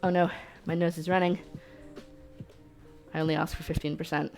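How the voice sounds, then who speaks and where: Cooking live on stream, this British-accented host talks to chat in a self-mocking, chatty way. Her voice is low, gravelly and darkish, with little pitch movement, a normal pace and frequent pauses, over faint background music.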